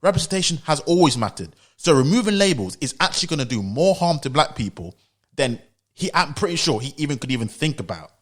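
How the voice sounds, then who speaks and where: An opinion vlogger from the United Kingdom talks fast in a fairly high voice marked by big pitch swings. The British man's commentary monologue is emphatic and insistent, driving points home with repeated lines and rhetorical questions.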